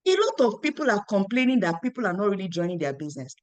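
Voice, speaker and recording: Quick and with few pauses, a young woman's mid-range voice carries a motivational story about her business, free of room sound. She's a network marketing team leader who animatedly repeats phrases and performs the quoted exchanges.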